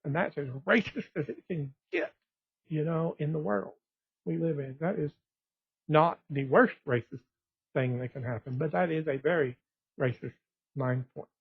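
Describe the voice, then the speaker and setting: A man's voice: fairly high pitch, normal speed, husky. A man from West Texas, talking in a rambling, digressive monologue full of restarts. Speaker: blogger. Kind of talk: casual monologue. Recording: tinny phone-like dry sound.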